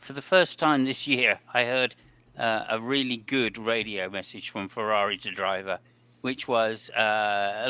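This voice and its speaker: A man's voice: fairly low pitch, fairly even intonation, measured pace, pushed and bright, smooth, no room sound. A man hosting a casual motor-racing podcast chat, rambling along with plenty of fillers. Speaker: podcast host. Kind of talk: casual race commentary chat.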